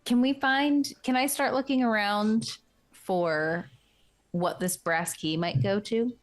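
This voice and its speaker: A woman's voice: medium pitch, takes it slowly. A woman playing a tabletop game, speaking casually and a little hesitantly. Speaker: player.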